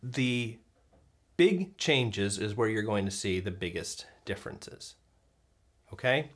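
A man with a fairly low voice hosts a relaxed talk on faith and daily life. He thinks aloud as he goes, pausing and restarting with plenty of "uh" and "um". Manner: thoughtful, halting, with many fillers and restarts. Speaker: host. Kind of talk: casual talk to camera on faith.

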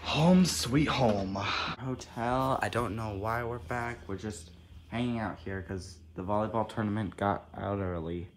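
Slow-talking man narrating gameplay. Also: fairly low pitch. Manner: chatty, excitable, jokey narration while exploring. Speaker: gaming vlogger. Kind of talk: casual let's-play commentary. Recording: noticeable background noise.

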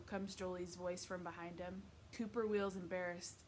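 A woman reading a children's novel aloud in steady, expressive storytelling narration. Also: mid-range voice, normal speed, gravelly, hardly any pauses, a little hiss or hum. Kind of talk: read-aloud book narration.

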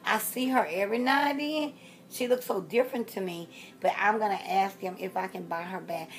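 Talking a little fast in a mid-range voice, this woman in her sixties rambles casually to her viewers about reborn dolls, often repeating herself and trailing off with fillers. A little hiss or hum can be heard.

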